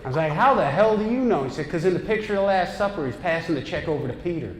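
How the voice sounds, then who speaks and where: A man's voice: a little high, expressive, rapid-fire. A man from upstate New York doing a stand-up comedy set on a club stage, with a brash, punchy delivery and asides to the crowd. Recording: echoey club room with noise. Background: audience laughter.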